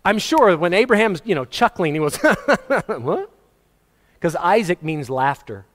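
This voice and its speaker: A male pastor with a slightly high voice delivers a conversational sermon, slipping into acted quotes and small chuckles. His words ring out with a long reverb, as in a church sanctuary. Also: lively intonation, a little fast.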